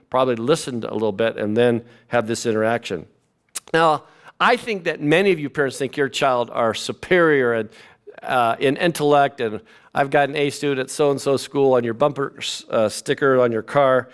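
Casting: male pastor, mid-pitch, chatty and joking in the pulpit. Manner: conversational, joking, with frequent fillers. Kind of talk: sermon.

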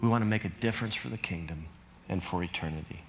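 A man's voice: deep voice, quick pace, slight background noise. A pastor in his fifties gives an earnest, conversational sermon, reading out scripture as he goes.

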